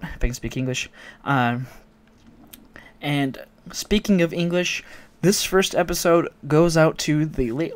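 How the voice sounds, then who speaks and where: A man's voice: a little high, smooth, dry recording. A man from Oregon telling a story to his viewers in a rambling way, often correcting himself. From Oregon, United States. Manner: rambling, self-correcting, amused. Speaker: vlogger. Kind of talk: casual storytelling to camera.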